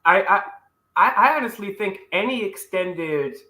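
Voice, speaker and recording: A man's voice: sits high, animated, measured pace, pushed and bright. A man hosting an interview, speaking hesitantly with many restarts. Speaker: host. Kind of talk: casual interview talk. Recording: echoey room.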